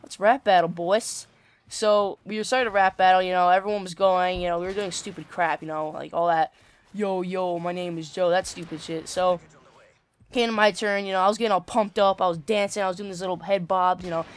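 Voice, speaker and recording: A man's voice: sits high, steady tone, fairly quick, clear, resonant tone. A teenage boy casually telling a story over gameplay, rambling with lots of fillers and casual swearing. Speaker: gaming channel host.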